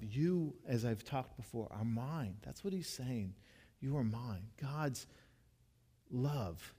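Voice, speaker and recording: A male pastor preaching a sermon, swinging between loud rousing passages and soft hushed ones, joking with the congregation and asking for a show of hands. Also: medium pitch. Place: church sanctuary. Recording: long reverb of a large hall.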